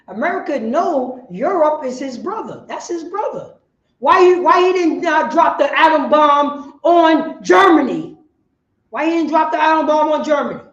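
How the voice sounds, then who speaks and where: A woman preaching on the street, firing rhetorical questions and bursting into shouts. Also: high voice, reverberant, dull audio.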